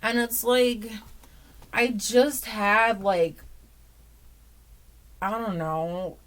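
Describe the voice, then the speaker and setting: A young woman vlogging at home, low and teary, rambling with lots of "like". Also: steady tone, drawn-out words, no room sound. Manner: rambling, says "like" often. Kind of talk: casual confessional vlog.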